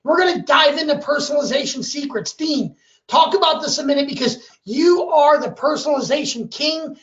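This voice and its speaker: A man's voice: very high voice, normal speed, fairly bright tone. A man hosting a live sales webinar, upbeat and pushy, often tacking on "okay?" and restarting his sentences. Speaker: webinar host. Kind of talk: energetic sales webinar pitch. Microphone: webcam. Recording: echoey room, dull audio.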